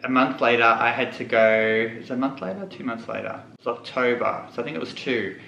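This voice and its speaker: A man's voice: mid-range voice, a little fast, gravelly, bright, forceful tone, lo-fi sound, slight background noise. A young man telling a personal story to the camera, candid and on the verge of tears. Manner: candid, tearful, holding back tears. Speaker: vlogger. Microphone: camera mic. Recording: echoey room.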